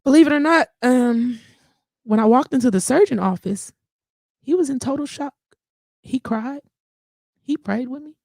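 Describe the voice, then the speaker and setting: A woman's voice: high-pitched, moderate pace, gravelly, pauses often, darkish tone, dry recording, clean studio sound. A woman guest in a casual interview, telling her story with animation and acting out what people said.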